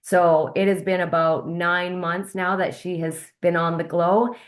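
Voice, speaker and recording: A woman's voice: fairly low pitch, little pitch movement, unhurried. A woman hosting a live video call presentation, upbeat and chatty, often asking her audience questions. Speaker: host of a wellness sales webinar.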